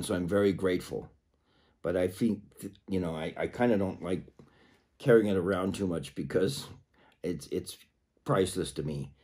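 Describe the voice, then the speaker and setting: A man talking casually to camera in a rambling way, clearing a frog from his throat. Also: low-pitched, darkish tone. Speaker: vlogger.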